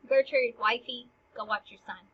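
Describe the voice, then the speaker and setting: A woman's voice: on the high side, steady tone, moderate pace, breathy edge. A woman voicing a bossy, scheming king, putting his formal lines into slang, on a dull lo-fi recording.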